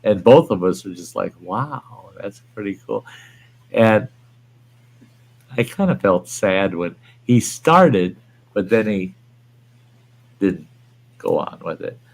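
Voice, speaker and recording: Low-voiced man chatting on a livestream. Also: big pitch swings, slow pace, pauses often. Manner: rambling, reads viewer comments aloud. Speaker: livestream host. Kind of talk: casual chat.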